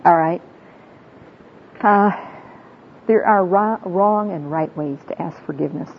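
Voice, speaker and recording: A woman giving a heartfelt, sermon-like talk, telling personal stories in an earnest, tearful way. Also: measured pace. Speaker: Christian women's speaker. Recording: tinny phone-like sound with faint rumble.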